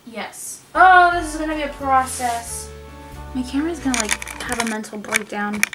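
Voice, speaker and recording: A young woman with a high-pitched voice wraps gifts for a casual vlog, speaking at normal speed from some distance away. Her talk is rambling, self-deprecating, and easily distracted. The camera mic captures an echoey home room with music behind.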